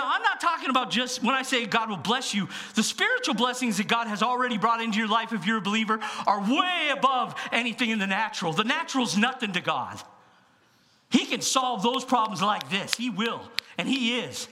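A man preaching as pastor in a church, telling stories with animated swings between hushed asides and loud bursts. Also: high voice. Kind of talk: sermon.

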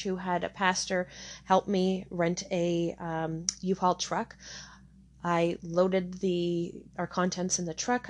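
A middle-aged woman telling her own hard story candidly, with many fillers and restarts. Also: on the low side. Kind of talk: personal testimony.

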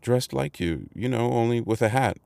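A man's voice: lowish voice, very animated, a little fast, creaky, a little mellow, dry recording, pitched above the performer's own voice. A man voicing a timid, polite young boy in a raised voice.

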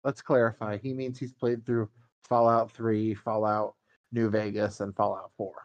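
A man's voice: lowish voice, little pitch movement, unhurried, lo-fi sound. A man co-hosting a casual gaming podcast, dropping in short, dry, teasing remarks. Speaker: podcast co-host.

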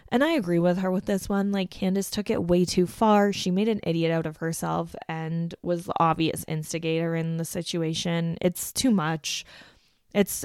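A young woman hosting a podcast, recapping a reality show in casual, animated chat and acting out the cast's lines. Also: fairly low pitch, creaky, smooth, no echo, studio quality. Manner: animated, acts out cast quotes with profanity.

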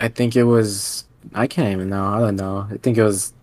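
Casting: young male podcast co-host, lowish voice, laid-back and agreeable. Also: fairly even intonation, brisk, darkish tone. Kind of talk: casual movie chat.

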